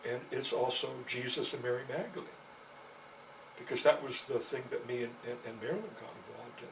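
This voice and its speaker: A man's voice: medium pitch, steady tone, brisk, gravelly. Rambling man, heard from a distance. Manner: meandering, profane, constant "you know" fillers. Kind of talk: rambling personal storytelling monologue. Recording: distant mic with faint background noise.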